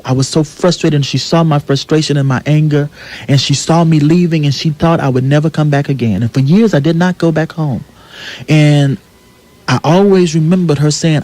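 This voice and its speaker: American man, guest on a radio talk show, rising preacher-like cadence, repeats phrases for emphasis, fairly high voice. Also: normal speed, a little mellow. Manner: preacherly, rhythmic repetition. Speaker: guest playwright. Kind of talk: impassioned radio interview.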